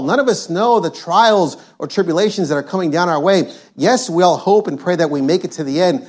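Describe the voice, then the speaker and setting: Emphatic male preacher, higher voice. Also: brisk, hardly any pauses. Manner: emphatic, repetitive, quotes scripture. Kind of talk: sermon.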